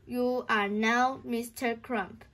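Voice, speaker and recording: An eager, mischievous schoolboy full of schemes, as a woman reads him aloud. The pace is slow and the voice slightly high, in a children's storybook reading. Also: steady tone, fairly bright tone.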